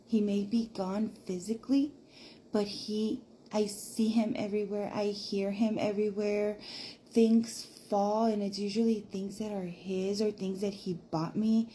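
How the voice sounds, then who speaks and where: A woman telling a spooky story in a casual, animated way, swearing freely. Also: mid-range voice, a little slow, a little hiss or hum.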